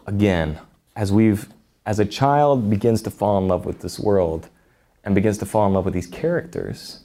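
A man's voice: fairly low pitch, moderate pace, mellow. A man preaching, who reads a story aloud expressively and then reflects on it in an unscripted way, with some restarts. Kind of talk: reading a story aloud with religious commentary.

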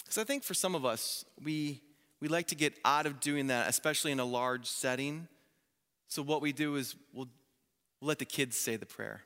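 Bright-voiced pastor preaching in a hall. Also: male voice, mid-range voice, normal speed. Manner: animated storytelling, acts out quoted voices. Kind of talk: sermon. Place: church sanctuary. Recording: long reverb of a church hall.

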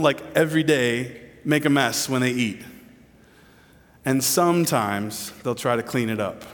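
A man preaching a sermon with earnest intensity. He drops soft and low, then rises loud and pleading. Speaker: pastor. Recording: long reverb of a large hall.

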